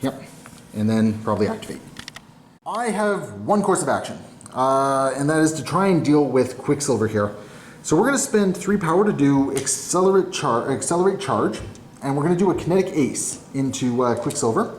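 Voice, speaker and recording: A man's voice: mid-range voice, very animated, moderate pace. A man hosting a tabletop battle report, talking through his moves in a casual, self-deprecating way. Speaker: tabletop game player and channel host. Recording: echoey room with faint noise.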